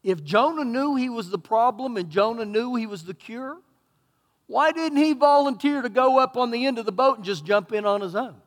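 A Texan man preaching a sermon as pastor, swinging between loud emphatic bursts and quieter asides. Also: very high voice, normal speed, big-room sound. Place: church sanctuary.

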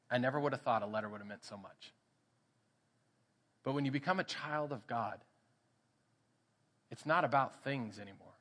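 A man with a Texan accent, a pastor telling a personal story in a sermon and acting out the voices in it. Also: mid-range voice. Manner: animated storytelling, acts out quoted voices. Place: church sanctuary. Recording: church hall reverb.

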